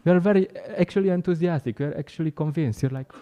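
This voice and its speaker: Dark-voiced man giving a chatty talk. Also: fairly high pitch, fast, dull audio. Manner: chatty, laughs often, acts out street encounters. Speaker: speaker at a temple class. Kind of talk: informal talk.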